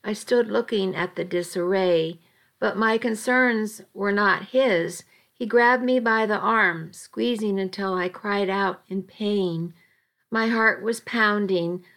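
A woman's voice: mid-range voice, takes it slowly, fairly bright tone. A woman narrating a first-person story with dramatic, emotional delivery.

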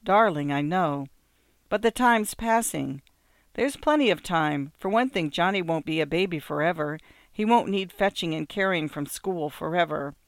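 A man reading an audiobook, voicing a cheerful, soothing older husband with a bright, lively delivery. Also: a little high, normal speed, smooth, no room sound, clean studio sound. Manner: jovial, reassuring.

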